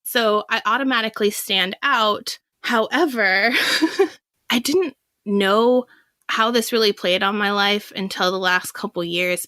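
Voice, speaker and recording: Laughing often and voicing the people in her stories, this podcast guest shares candid personal anecdotes with lively energy. She's in her thirties, from Washington State, USA, and her mid-range voice comes through in a clean, dry studio recording.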